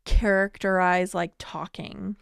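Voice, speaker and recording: A woman guest chatting casually on a podcast, her voice smooth and clear at a middle pitch. She talks in a loose, lively way, and the recording is dry and close. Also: slow, no echo. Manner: lively, loose, full of "like" fillers. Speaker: podcast guest, thrift shop worker. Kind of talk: casual chat.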